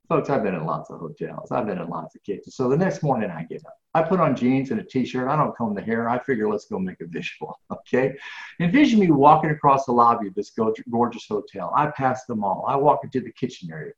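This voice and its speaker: A man telling stories in an interview, acting out dialogue with lots of repeated words. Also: medium pitch. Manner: animated storyteller, acts out dialogue, repeats words. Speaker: professional speaker, guest. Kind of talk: storytelling interview answers. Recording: echoey, dull lo-fi audio.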